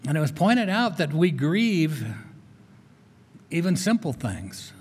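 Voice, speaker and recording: A man's voice: fairly high pitch, big pitch swings, slow pace, husky. An older man, a chaplain, preaching a sermon in an earnest, conversational storytelling way. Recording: long reverb of a large hall.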